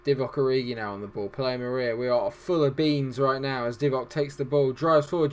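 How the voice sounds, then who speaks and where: Excitable man commentating a game. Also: medium pitch, fairly quick, few pauses. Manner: excitable, joking, self-deprecating. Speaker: gaming YouTuber. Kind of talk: football management game commentary. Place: at home desk.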